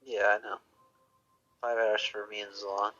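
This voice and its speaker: A man chats on a voice call in a mid-pitched voice with a dry delivery. He reads out chat messages during the stream. His audio comes through muffled and lo-fi. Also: little pitch movement, moderate pace, bright, forceful tone. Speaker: friend on voice chat. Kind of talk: casual voice chat.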